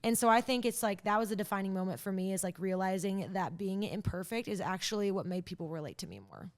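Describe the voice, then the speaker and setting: A young woman, a country singer, talking as a podcast guest in an animated, chatty way, full of fillers as she tells a story. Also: mid-range voice, fast. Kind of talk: casual interview chat.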